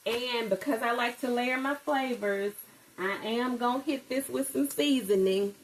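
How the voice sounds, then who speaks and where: A woman's voice: fairly high pitch, unhurried, low-quality recording. Chatty woman cooking over sizzling pan. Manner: chatty, addresses viewers as "y'all", excitable exclamations. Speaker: home cook vlogger. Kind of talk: casual cooking vlog chat. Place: home kitchen. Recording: kitchen sizzle and frying noise behind.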